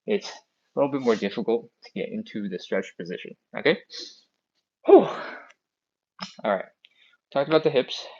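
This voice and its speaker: This stretching instructor leads a live class through an earbud mic, and the audio comes across dull. His mid-range voice sounds chatty and encouraging, a little out of breath, and he counts down slowly.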